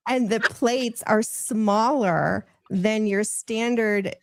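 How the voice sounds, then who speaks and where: A woman's voice: on the high side, drawn-out words, dry recording. A woman guest on a podcast, telling a long story in a rambling, casual way and laughing often. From United States.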